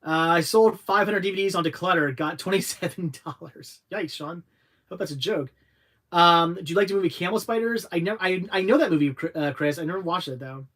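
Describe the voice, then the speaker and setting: A young adult man with a somewhat higher-than-average voice chats casually through a livestream. He reads viewer questions aloud, then answers in a loose, rambling way, full of restarts and halting pauses. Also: fairly bright tone. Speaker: livestream host answering chat.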